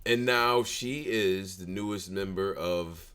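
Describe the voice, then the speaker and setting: A man co-hosting a casual recap show, talking in an animated, profane, trash-talking way. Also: low-pitched, slow pace, a crowd in the background. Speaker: podcast co-host.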